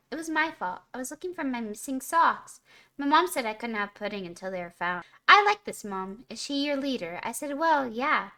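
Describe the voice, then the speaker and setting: Woman storyteller, bright and animated, high-pitched, reading a children's bedtime book on stream. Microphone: streaming mic.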